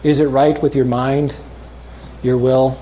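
A male preacher closing a sermon with a story, making earnest, repeated appeals and dropping soft and low for emphasis. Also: little pitch movement, takes it slowly, slight background noise.

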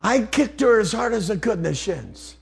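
Old-fashioned preacher with a gravelly voice. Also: male voice, sits high, very animated, moderate pace. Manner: old-fashioned preaching, swings from hushed to fervent outbursts. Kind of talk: sermon.

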